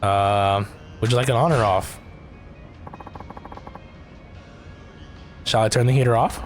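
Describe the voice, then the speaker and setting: A man voicing a polite young male taxi driver who apologizes calmly and stays deferential. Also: mid-range voice, fairly quick, faint music behind, lightly acted.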